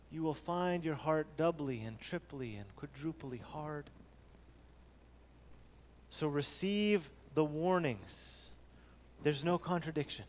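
A man preaching a sermon earnestly, repeating key phrases and swinging between soft low passages and raised emphatic ones. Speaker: pastor. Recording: long hall reverb.

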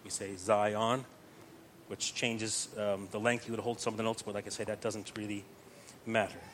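A man's voice: on the low side, flat delivery, fairly quick, a bit bright, slight background noise. A man teaching Gregorian chant to a group, explaining patiently step by step and often checking in with "right?".

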